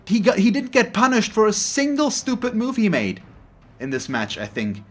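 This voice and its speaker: A man's voice: high-pitched, huge pitch swings, normal speed, fairly bright tone. A man commentating his own game as host of a let's play, talking in a frustrated, openly salty way with frequent sighs. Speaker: gaming channel host.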